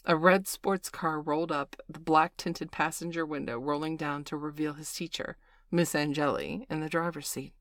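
A woman narrating an audiobook in a steady, even storytelling manner. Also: low voice, normal speed, dry recording, studio quality.

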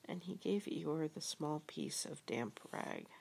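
A woman giving a soft-spoken reading of a storybook with reflective passages, often half-whispered. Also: low-pitched, animated, slow, vocal fry, husky. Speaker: reader.

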